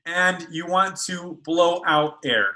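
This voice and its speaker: A man's voice: sits high, fairly even intonation, takes it slowly, bright, forceful tone, rough recording. A man speech therapist teaching children how to make speech sounds in a video lesson, carefully modeling each sound. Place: school.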